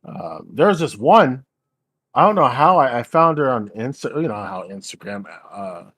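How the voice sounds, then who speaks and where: A man's voice: mid-range voice, very animated, moderate pace, a bit bright, slightly rough, dry recording. A man hosting a stream, rambling in casual, crude chat and laughing easily. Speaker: stream host.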